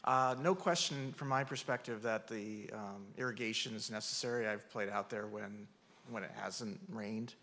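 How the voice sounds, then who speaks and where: A man's voice: on the low side, moderate pace, sharp tone, a little hiss or hum. A man, a local resident, making a matter-of-fact public comment at a town meeting.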